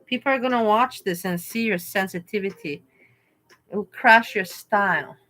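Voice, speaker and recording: A woman chats straight to her livestream viewers. Her voice is bright and forward, and she keeps pleading and reasoning with someone in the chat. Her pitch sits in the middle for a woman. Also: normal speed. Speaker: livestream host.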